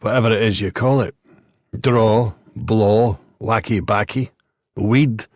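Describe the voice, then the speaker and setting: A man's voice: lowish voice, slow, a little mellow, dry recording, studio quality. A man voicing a terse, wry veteran male police detective in an audiobook. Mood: dry.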